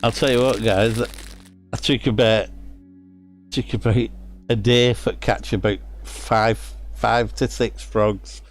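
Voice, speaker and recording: Lancashire gamer, middle-aged, slow halting chat, low voice. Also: male voice, fairly even intonation, soft background music. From England. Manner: rambling, halting, with many fillers and restarts. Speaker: streamer. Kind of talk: casual gameplay commentary.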